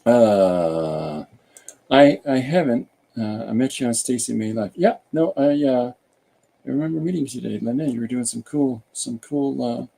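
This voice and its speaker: An older man chats casually as host of a live stream, wandering from thought to thought with plenty of hesitations. His voice is gravelly, very dark and a little husky. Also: medium pitch, normal speed. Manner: rambling, hesitant, full of filler sounds. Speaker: podcast host. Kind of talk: casual livestream chat.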